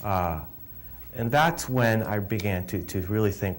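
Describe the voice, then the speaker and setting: A middle-aged film director answering interview questions with emphatic, animated storytelling and repeated words. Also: male voice, lowish voice, a little slow.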